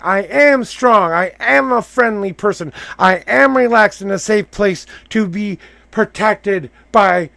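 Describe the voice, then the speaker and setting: A man's voice: high-pitched, gravelly, pushed and bright. A man hosting a live tarot reading, coaching the person he reads for with emphatic, repeated affirmations.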